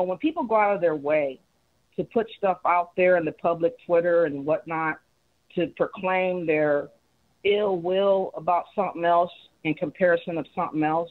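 A woman's voice: fairly low pitch, no echo. A woman calling in to a talk show, insistently pressing her question. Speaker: caller. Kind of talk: call-in debate. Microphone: telephone. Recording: tinny phone line.

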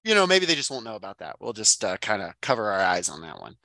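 A man's voice: on the low side, wildly swooping pitch, fast talker, gravelly, bright, forceful tone, dry recording. A man co-hosting a podcast, chatting casually about a book in a thoughtful, rambling way full of fillers and restarts. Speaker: podcast co-host.

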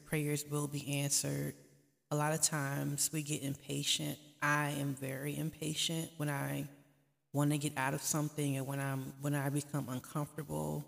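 Speaking straight to camera in a vlog, this woman offers faith-based encouragement in an earnest, pleading, casual way. Her voice is deep and creaky, her tone level, her speed normal. Long reverb from an echoey room colors the sound.

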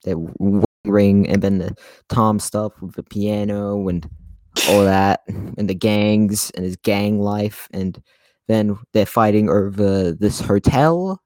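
A man's voice: on the low side, fairly even intonation, takes it slowly, dark tone, no room sound. A man co-hosting a podcast, chatting casually about a film in a laid-back way and often tacking on "dude" and "you know". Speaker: podcast co-host.

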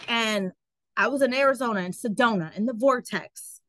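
A woman telling her story as an interview guest, animated and full of fillers like "like" and "um". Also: a little high, moderate pace, no echo, poor audio. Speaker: guest, travel business owner. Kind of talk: casual interview.

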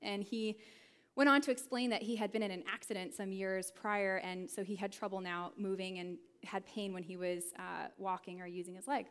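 A woman's voice: medium pitch, moderate pace, smooth. A young woman, a church youth ministry director, telling a personal story on a church stage and acting out the people in it. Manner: lively storyteller, acts out the people in her story.

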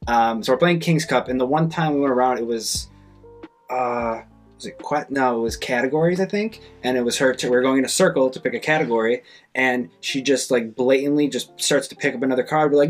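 A man hosting a podcast, telling a story in casual chat, animated, acting out other people's lines and swearing freely. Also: a little fast, faint music behind. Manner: animated, acts out quoted voices with big pitch jumps. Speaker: podcast host.

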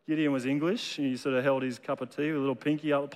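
High-voiced preacher telling a story. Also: male voice, quick pace, few pauses, big-room sound. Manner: storytelling, repeats words as he builds. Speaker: pastor. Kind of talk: sermon.

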